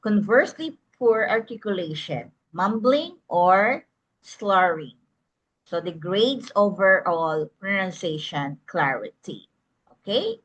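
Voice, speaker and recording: A woman's voice: medium pitch, fairly bright tone. A woman lecturing an online class, often checking in with "okay?" and calling the students "guys". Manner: tags most phrases with "okay?", addresses students as "guys". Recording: dull lo-fi recording.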